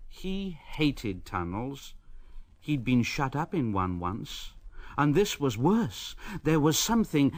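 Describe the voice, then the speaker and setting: A man narrating a storybook in a slow, expressive way. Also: mid-range voice, no echo.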